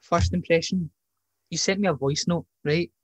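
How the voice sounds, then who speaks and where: A man's voice: a little high, steady tone, normal speed, slightly rough, no echo. A young man hosting a podcast in casual chat, slangy and teasing, often breaking into laughter. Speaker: podcast host.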